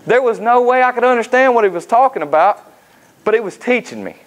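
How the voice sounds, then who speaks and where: A man, giving a motivational speech at a sales academy. He tells folksy personal stories and pauses often on "uh.". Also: very high voice, lively intonation, rough recording. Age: 30s. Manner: folksy, anecdotal, frequent "uh" fillers.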